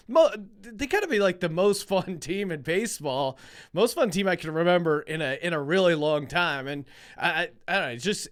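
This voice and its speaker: Brief: man from Philadelphia, podcast host, high smooth voice, joking casual chat. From Philadelphia, USA. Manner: chatty, joking, full of restarts.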